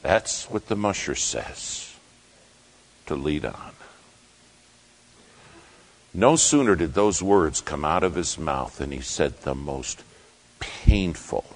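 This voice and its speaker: A man preaching, slowly and dramatically retelling a true story in a sermon. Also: very deep voice, expressive, rough recording.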